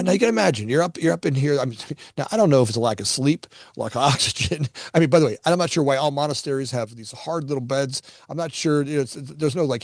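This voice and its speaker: In a darkish mid-range voice, a middle-aged Florida guest who founded a construction company talks casually about personal experiences. He habitually repeats words as he begins a thought, and the recording is dry, clean studio sound.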